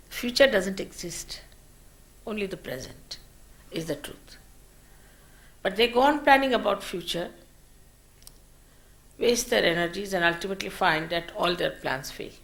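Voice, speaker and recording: A woman teacher giving a slow, measured spiritual lecture at a public program, her phrases trailing off softly. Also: medium pitch, gravelly. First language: Marathi.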